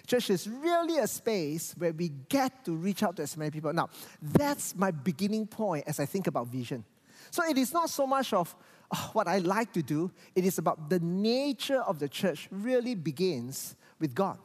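A pastor delivers a sermon, and his pitch rises and falls in lively, animated swings. He often repeats words as he goes. A long reverb from the church hall trails behind his voice. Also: moderate pace.

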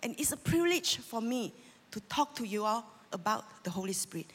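A woman's voice: a little high, lively intonation, brisk, slightly rough. Earnest Malaysian woman preaching in a hall. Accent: Malaysian English. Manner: earnest, emotional, rallying the congregation. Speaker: lay preacher. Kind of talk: sermon. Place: church sanctuary. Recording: long reverb of a church hall.

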